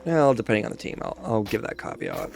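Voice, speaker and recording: A man's voice: mid-range voice, animated, quick pace, vocal fry, darkish tone, faint music behind. A man streamer chatting casually while he plays a game, rambling and easygoing as he thinks aloud. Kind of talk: casual chat while gaming.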